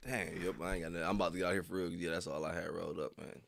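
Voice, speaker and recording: A young man streaming casually to his viewers: loose, slangy, laughing often and jumping into high squeals. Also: level tone, very fast, vocal fry, a bit bright. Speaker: streamer reacting to videos. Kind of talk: casual chat with live viewers.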